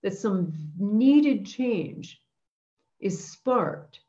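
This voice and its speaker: A woman's voice: medium pitch, lively intonation, drawn-out words, mellow, dull audio. A woman hosting an intention webinar, telling a story in an earnest, reflective way. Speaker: host leading an intention webinar.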